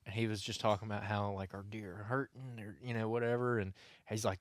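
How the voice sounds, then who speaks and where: A man's voice: lowish voice, flat delivery, quick pace, no room sound, clean studio sound. A young man, co-hosting a casual podcast and telling a long story full of restarts and asides. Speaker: podcast co-host. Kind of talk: casual hunting podcast chat.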